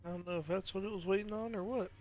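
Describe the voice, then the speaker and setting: A man's voice: high voice, fairly even intonation, rapid-fire, dull audio. A man giving casual play-by-play commentary on a sim race, tired and losing his voice, with apologetic asides between calls.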